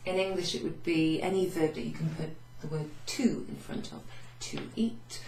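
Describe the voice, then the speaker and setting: Woman language teacher, lowish voice, slow careful explanations, lots of ums, roomy office echo. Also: a little mellow, a little hiss or hum. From Wales. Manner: explains slowly, repeats French phrases, many fillers. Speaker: French teacher. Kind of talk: recorded lesson recap for students. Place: home office with blinds closed.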